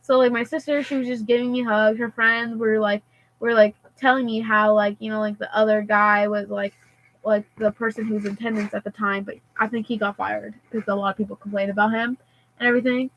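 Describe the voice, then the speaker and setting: A woman's voice: mid-range voice, level tone, a little fast, a bit bright, highs cut off. A teenage girl telling a story in casual chat, rambling and filling her sentences with "like" and "and stuff like that.". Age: teens. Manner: rambling, heavy use of "like" and "and stuff like that".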